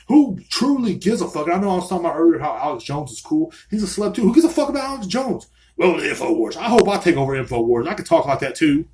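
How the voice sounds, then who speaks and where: Guy ranting on his own podcast, kinda high voice, mad and cussing nonstop. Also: a little mellow. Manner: angry, profane ranting. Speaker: podcast host. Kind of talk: solo podcast rant. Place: small room.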